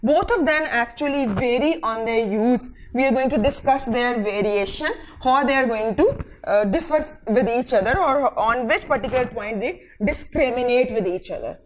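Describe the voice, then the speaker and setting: In a recorded English grammar lecture, a Pakistani-accented woman speaks at normal speed in a slightly high voice, barely pausing. She reads out example sentences word by word, saying "fine" between points, over poor audio.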